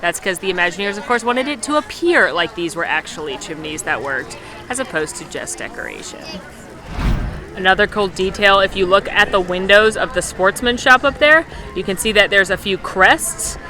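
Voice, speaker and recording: A woman talks through an outdoor walking tour in a casual, upbeat way, with mid-pitched speech. She jokes and corrects herself as she goes, and clear music plays behind her voice. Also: lively intonation, normal speed. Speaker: vlog host and theme park guide. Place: outdoors at a theme park.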